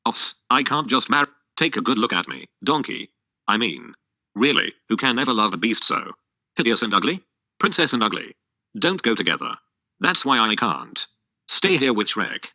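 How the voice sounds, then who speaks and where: A man's voice: mid-range voice, normal speed, dry recording, heavily acted. A male computer voice reading a cursed princess. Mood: sad. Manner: flat synthetic reading, no acting. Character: young princess under a spell, sad and proud. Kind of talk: text-to-speech script reading.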